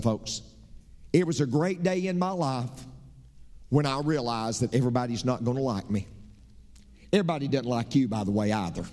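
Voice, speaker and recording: Middle-aged pastor guy preaching, folksy, gets loud then goes quiet and personal, big echoey church. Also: mid-range voice, lively intonation, brisk. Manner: folksy storytelling preacher, swings from loud emphatic lines to soft confiding asides. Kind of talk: sermon. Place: church sanctuary. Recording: reverberant church sanctuary.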